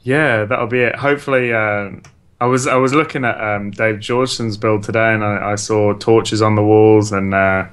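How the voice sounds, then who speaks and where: A man chats casually on a gaming podcast, his voice sitting on the lower side. He thinks out loud and lets little chuckles slip in between his ideas. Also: steady tone, moderate pace, clean tone. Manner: thinks aloud with frequent chuckles. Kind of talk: casual chat.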